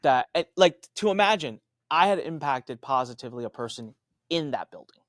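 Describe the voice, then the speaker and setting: A man's voice: brisk, dry recording, clean studio sound. A man as a podcast guest, telling a story with lots of fillers and restarts, acting out the other people's voices. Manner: animated, acts out quoted voices with big pitch jumps. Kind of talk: storytelling in an interview.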